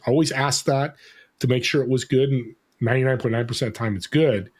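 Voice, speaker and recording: Energetic male podcast guest, animated, mid-pitched voice. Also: quick pace, slightly rough. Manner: energetic, animated, acts out quoted dialogue. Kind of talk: casual conversation.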